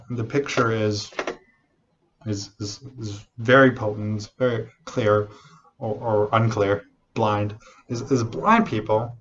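A man preaching a sermon, animated and unhurried, often restarting his phrases. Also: mid-range voice, muffled recording, a little hiss or hum. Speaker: pastor.

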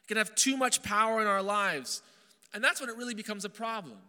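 Man preaching, high voice, very bright tone, earnest and emphatic, reverberant hall. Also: expressive. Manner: earnest, emphatic, with frequent restarts and slowed stressed phrases. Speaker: pastor. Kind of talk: sermon.

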